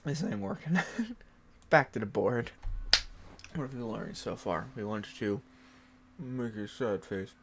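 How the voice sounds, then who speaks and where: Giggly woman fake-sobbing, drawling slowly. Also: extremely low pitch, expressive, gravelly, noisy background. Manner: giggly, fake sobbing and whining, breaking into laughter. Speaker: comedic vlogger. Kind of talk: casual comedic vlog.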